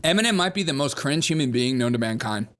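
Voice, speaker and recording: A man's voice: medium pitch, expressive, fast talker, a bit bright. A man hosting a comedy news commentary show, talking sarcastically and mocking the people he discusses. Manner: sarcastic, mocking, puts on whiny quoted voices.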